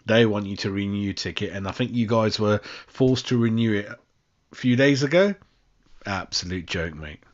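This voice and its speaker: A man's voice: fairly low pitch, normal speed, highs cut off. A young man with a London accent hosts a live fan stream, swearing and ranting in exasperation, calling his listeners "mate.". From West London. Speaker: fan channel host. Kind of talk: casual live-stream rant.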